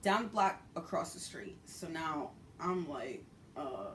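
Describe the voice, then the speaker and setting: A woman from Brooklyn, telling a story in a dramatic, profane, animated way. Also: low-pitched, measured pace, distant mic, a little hiss or hum. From Brooklyn, New York. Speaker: vlogger. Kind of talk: storytime vlog.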